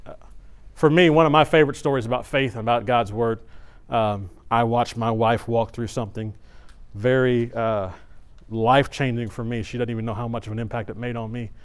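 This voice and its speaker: Middle-aged guy preaching in church, chatty animated storytelling, lots of restarts, regular pitch. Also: brisk, hardly any pauses, clean tone. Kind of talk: sermon with personal story. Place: church service.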